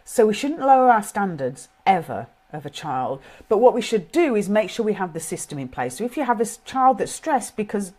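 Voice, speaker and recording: A woman's voice: medium pitch, sing-song, brisk, few pauses, darkish tone. A middle-aged woman with a British accent giving an informal, earnest talk on parenting, thinking aloud as she goes. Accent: British English. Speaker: parenting coach.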